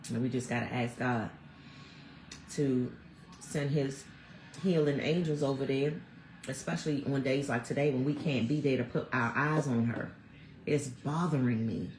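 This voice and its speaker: A woman in her fifties, hosting a vlog from home and chatting to viewers in a chatty, animated storytelling way. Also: extremely low pitch, normal speed, slight background noise. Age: 50s. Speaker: vlog host. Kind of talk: casual chat to viewers. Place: at home, snowed in. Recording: roomy echo.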